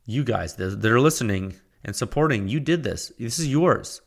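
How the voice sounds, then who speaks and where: A young man hosting his own podcast, talking casually and warmly to listeners with frequent restarts and fillers. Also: mid-range voice, lively intonation, normal speed, vocal fry. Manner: rambling, heartfelt, with many restarts and fillers. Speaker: podcast host. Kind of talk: casual solo podcast talk.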